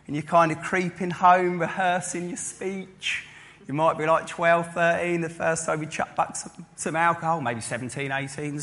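A man preaching a sermon, telling a story lively and acting out the listeners' voices. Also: on the high side. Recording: long hall reverb.

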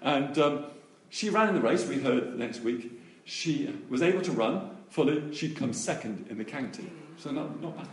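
A man preaching, telling a testimony story with animated delivery and acted-out voices. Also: medium pitch, moderate pace, hardly any pauses. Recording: echoey room, voice from a distance.

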